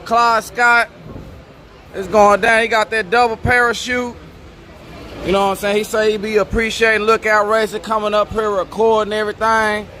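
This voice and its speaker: A man with a strikingly high, bright, cutting voice hosts a racing vlog outdoors at a drag strip. He talks in loose, excited hype mode and reels off viewers' hometowns. Engines and trackside bustle sit faintly behind him. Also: normal speed, a little hiss or hum. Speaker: racing channel host filming trackside. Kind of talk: casual livestream-style shoutouts.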